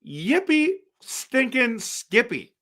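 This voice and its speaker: A man hosting a casual live stream for viewers, excitable and exasperated, breaking into loud outbursts. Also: extremely high pitch, slow. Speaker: livestream host.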